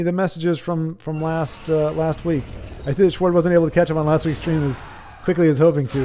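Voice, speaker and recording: A man hosting a livestream, giving rambling, casual commentary on a card game, with sudden excitable outbursts. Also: a little high, a little fast, soft background music. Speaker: livestream host.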